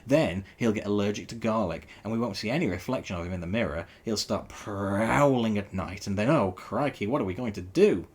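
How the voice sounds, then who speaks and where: A man voicing Tails, an excitable young male fox sidekick who babbles in a panic. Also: lowish voice, fairly quick, few pauses, breathy edge. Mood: anxious.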